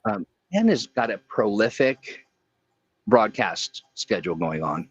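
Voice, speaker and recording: A man's voice: lowish voice, lively intonation, a little slow, husky, dull audio. A man co-hosting a livestream chat show, joking and reading chat messages aloud. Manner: jokey, reads chat aloud. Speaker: co-host. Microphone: remote call.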